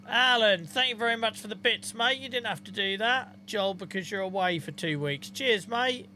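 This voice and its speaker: A man streaming a farming game and chatting away to his viewers, thanking them by name and swearing freely. His voice is bright and pitched a little high. A faint hiss sits behind him. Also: a little fast. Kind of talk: casual live-stream chat.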